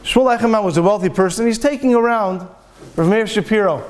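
A man's voice: high-pitched, a little fast. A man giving a Torah talk as a rabbi, telling a story and acting out its dialogue.

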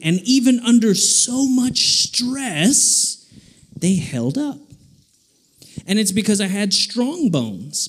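A man giving a children's sermon, telling an animated story and asking the kids questions. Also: a little high. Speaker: children's speaker.

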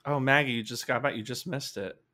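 A man's voice: mid-range voice, fairly quick, bright, forceful tone. A man bantering in an improv comedy scene with dry, teasing reactions. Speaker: improv performer.

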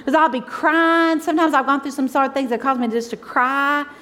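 A woman, a pastor's wife preaching a conversational, emotional sermon that swings from loud exclaims to soft asides. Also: sits high, fairly even intonation, a little fast.

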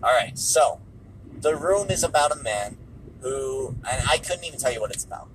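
A man's voice: mid-range voice, expressive, moderate pace, a little hiss or hum, rough recording. A man giving casual spoken commentary on movies while driving, repeating his points for emphasis. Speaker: movie reviewer. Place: car on the road.

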